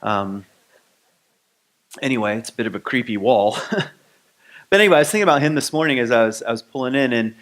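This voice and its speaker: A man from Michigan giving a conversational sermon to his spiritual community, relaxed and rambling with many ums and restarts. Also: mid-range voice, a little fast, long pauses. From Grand Rapids, Michigan.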